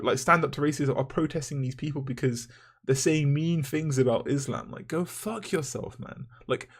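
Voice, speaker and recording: Gravelly young man ranting. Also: mid-range voice. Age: young adult. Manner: ranting, swearing, heavy filler words. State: rough morning voice. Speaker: university student vlogger. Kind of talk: rambling monologue vlog.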